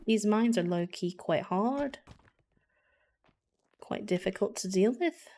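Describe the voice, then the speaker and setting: A woman's voice: medium pitch, animated, slow, dark tone. A woman streamer doing a put-on British accent, playful and exclaiming while she plays a game. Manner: playful, exclaiming when hit.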